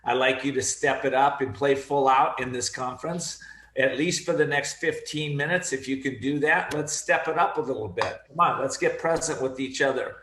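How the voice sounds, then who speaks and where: A man giving an energetic, emphatic motivational talk on a video call, repeating his key phrases. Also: mid-range voice, normal speed, echoey room, slight background noise. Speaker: guest speaker.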